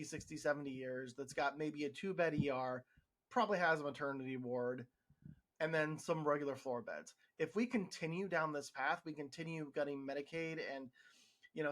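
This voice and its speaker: Frustrated and sarcastic, an American healthcare worker delivers an opinion monologue on his podcast, often restarting his sentences. His voice is fairly high-pitched and a bit bright.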